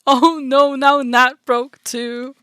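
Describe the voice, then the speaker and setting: A woman's voice: high-pitched, flat delivery, takes it slowly, pushed and bright, clear, resonant tone, dry recording, studio quality. A Norwegian-accented woman streamer giving chatty, giggly let's-play commentary.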